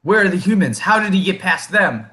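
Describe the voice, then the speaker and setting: A man's voice: sits high, lively intonation, brisk, bright, forceful tone, voice pushed up. A man voicing a small, suspicious kobold creature in a tabletop game, speaking anxiously.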